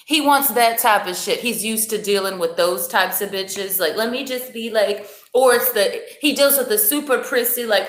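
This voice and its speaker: A woman's voice: medium pitch, animated, moderate pace, a bit bright, reverberant. A woman hosting a livestream, ranting in a mocking, combative, sarcastic way. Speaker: livestream host. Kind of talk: heated livestream rant.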